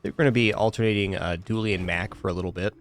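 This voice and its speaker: Male streamer, somewhat low voice, casual thinking-aloud commentary, faint music underneath. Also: fairly even intonation, fast talker. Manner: thinks aloud, weighing choices.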